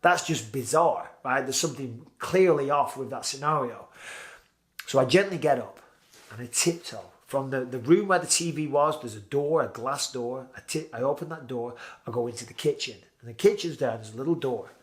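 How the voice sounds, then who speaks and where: A man's voice: medium pitch, moderate pace. British man telling a tense story. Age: 40s. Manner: vivid storytelling, acting out his own past lines. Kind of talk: casual spoken anecdote.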